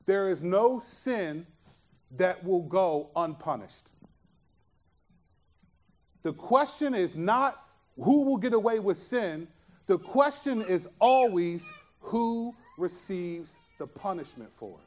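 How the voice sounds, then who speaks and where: A man with a high-pitched voice delivers a sermon as pastor. He teaches earnestly and emphatically, posing rhetorical questions to the congregation. At reflective moments he lowers his voice to a near hush. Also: animated, slow.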